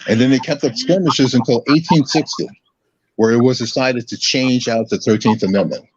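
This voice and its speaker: A man's voice: medium pitch, normal speed, a little mellow, a little hiss or hum. A man ranting combatively in a casual political chat as a podcast guest, restarting his phrases often. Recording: dull lo-fi audio, dry.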